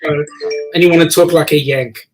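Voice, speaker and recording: A chatty Australian man hosts a relaxed online chat, teasing his callers in a jokey, easygoing way. His voice sits a little high for a man. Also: fast talker, soft background music, rough recording. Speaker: host. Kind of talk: casual livestream chat.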